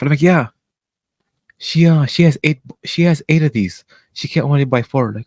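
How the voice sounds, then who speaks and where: A man co-hosting a podcast, telling a workplace story in casual chat, acting out quotes and cursing freely, with a voice he calls always loud. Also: a little slow, pauses often, dry recording. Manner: animated, acts out quotes with big pitch jumps and profanity; says his voice is always loud. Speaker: podcast co-host.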